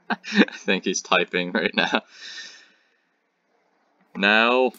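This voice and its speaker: A man's voice: lowish voice, extremely slow, pushed and bright, no room sound, lo-fi sound. A teenage boy hosting a gaming video, giving rambling, jokey commentary and talking back to enemies on screen. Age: teen. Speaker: gaming channel host. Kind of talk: casual gameplay commentary.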